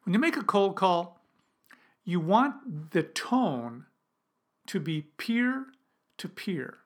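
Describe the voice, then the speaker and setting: A man's voice: high voice, big pitch swings, slow. A man giving a spoken lesson on cold calling for copywriters, talking in a conversational, emphatic way and often restarting his sentences. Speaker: copywriting instructor. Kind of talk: spoken lesson with role-played calls.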